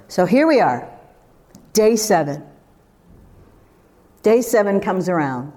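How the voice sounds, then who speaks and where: A woman's voice: mid-range voice, sing-song, slow, pauses often, warm tone. A woman preaching a sermon in a conversational, emphatic way, full of rhetorical questions.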